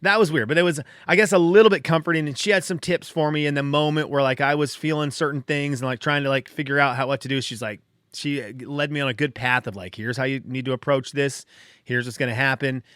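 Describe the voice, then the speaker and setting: A man's voice: on the high side, fairly even intonation, quick pace, a bit bright, smooth, dry recording, studio quality. Shaken man rambling through a story. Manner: rambling, restarting, heavy on "like". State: shaken, a little dazed. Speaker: podcast host. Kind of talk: casual personal storytelling.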